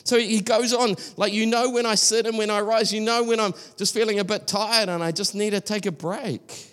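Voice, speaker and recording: A man preaching in an earnest, conversational way, his voice sitting a little high. He often restarts his sentences and speaks plainly, as if talking things over with the room. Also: steady tone, normal speed, a bit bright. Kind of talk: sermon.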